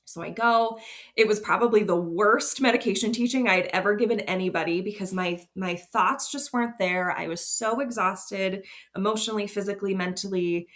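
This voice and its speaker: A woman's voice: medium pitch, fairly quick, a bit bright. A woman, a fertility nurse guest on a podcast, telling her own story openly and with feeling. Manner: open, emotional storytelling with laughs. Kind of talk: candid podcast interview.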